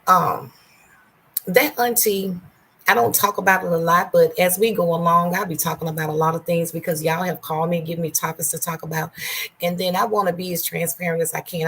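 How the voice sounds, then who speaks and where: A middle-aged woman hosting a casual livestream from home, greeting viewers by name and speaking candidly, softer and slower on painful memories. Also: low voice, vocal fry, a little hiss or hum. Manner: greets and thanks viewers by name between stories. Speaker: livestream host. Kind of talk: casual live-stream chat.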